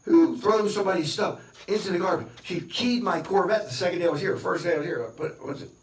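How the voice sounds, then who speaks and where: A man's voice: sits high, fast, slight background noise. Guy ranting n bragging at the camera, kinda far off the mic, echoey room. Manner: boastful, ranting, repetitive. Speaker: vlogger. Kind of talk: rambling monologue to camera. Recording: roomy, distant from the mic.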